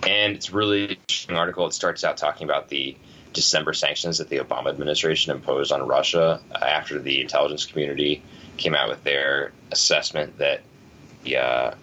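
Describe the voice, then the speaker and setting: A man with an extremely low, forceful voice, chatting casually as a podcast co-host. He rambles thoughtfully and restarts his sentences often. The audio is slightly dull, with a faint hiss behind him. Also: fairly even intonation, brisk. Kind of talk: casual chat.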